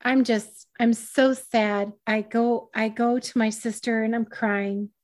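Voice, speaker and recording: Woman podcast guest with a fairly high voice, candid and self-mocking as she tells a personal story. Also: level tone, slow, a little mellow. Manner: candid, self-deprecating, laughing at herself.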